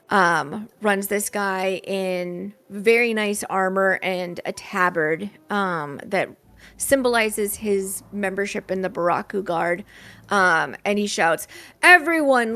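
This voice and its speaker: A young woman narrates as game master in a tabletop role-play stream. She sets scenes in a loose, relaxed way with plenty of "likes" and "ums". Her pitch sits mid-range, and faint music plays underneath. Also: gravelly. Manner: relaxed, with many fillers and hedges.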